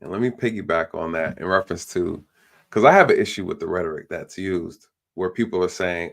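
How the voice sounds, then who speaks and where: A man's voice: sits low, a little fast, vocal fry. A man hosting a live stream, talking bluntly in a ranting way and mimicking the people he quotes. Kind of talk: casual opinion talk.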